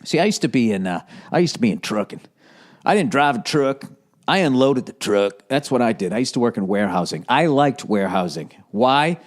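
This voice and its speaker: A man's voice: medium pitch, lively intonation, fairly quick. A middle-aged man hosting a solo comedy podcast, profane and ranting, with a cough, recorded in an echoey home office. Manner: profane, ranting, jumps into mocking put-on voices. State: has a cough. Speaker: podcast host. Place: home office with some echo. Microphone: studio headphones and recorder.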